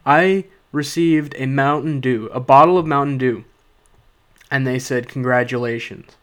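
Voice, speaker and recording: A man's voice: mid-range voice, a little slow, fairly bright tone. A young man, a stand-up comedian, delivering a rambling, sarcastic comic monologue to his podcast listeners. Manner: rambling, sarcastic, with frequent "uh" and "okay?".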